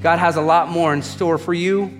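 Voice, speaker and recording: High-pitched guy pastor giving a sermon, keeps repeating his lines, echoey church hall. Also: steady tone, moderate pace, soft background music. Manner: emphatic preaching with repeated refrains and direct questions to the congregation. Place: church auditorium.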